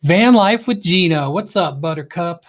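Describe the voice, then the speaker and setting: A man's voice: high-pitched, expressive, moderate pace. A middle-aged man hosting a casual livestream, chatty and goofy, greeting viewers by name with a lift in his voice. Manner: joking and goofy. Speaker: livestream host.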